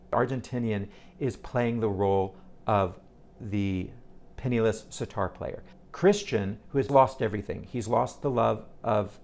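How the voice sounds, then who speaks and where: A man's voice: medium pitch, creaky, a little mellow. A man reviewing a theater show to camera, retelling scenes in an impassioned, emphatic way. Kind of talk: casual spoken review to camera.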